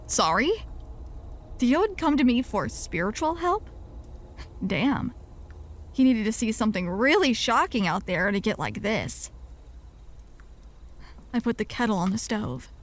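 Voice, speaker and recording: A woman narrating a first-person horror story in a measured, scripted read. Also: on the high side, very animated.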